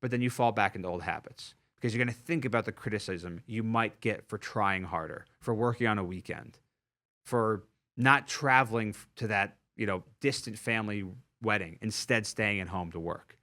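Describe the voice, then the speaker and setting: Bright, emphatic male sales trainer. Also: on the low side, a little fast. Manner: energetic, emphatic, repeats key phrases for emphasis. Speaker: sales trainer and podcast host. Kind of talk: motivational podcast monologue.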